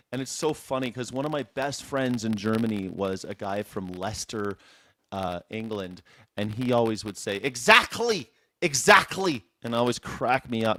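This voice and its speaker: A male host chats casually on his live show while seated, drifting between jokes and restarting his sentences. His pitch sits at an ordinary middle range. The sound is dry and close, with no room echo. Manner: rambling, playful, with many restarts. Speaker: host of a call-in news reaction show. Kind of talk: casual live-stream chat. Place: seated indoors.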